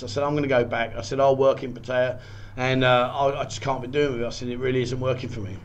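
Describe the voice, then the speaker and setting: A man earnestly telling a personal story, often halting and repeating words. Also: mid-range voice, a little hiss or hum. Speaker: guest telling his story.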